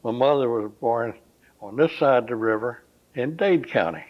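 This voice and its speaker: Slow-talking older man reminiscing. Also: mid-range voice. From Florida, USA. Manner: slow, rambling, pauses often with "uh". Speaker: interviewee. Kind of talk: oral history interview. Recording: dull lo-fi recording.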